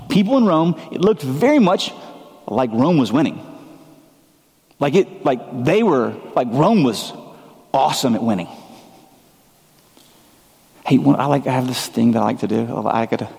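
A male pastor giving a sermon, shifting into casual, conversational storytelling with relaxed asides. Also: mid-range voice, gravelly, in a large hall.

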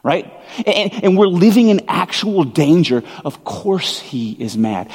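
A man preaching a sermon as a pastor, talking in a loose conversational way with many fillers, restarts and animated bursts. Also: high voice, measured pace, breathy edge, long reverb tail.

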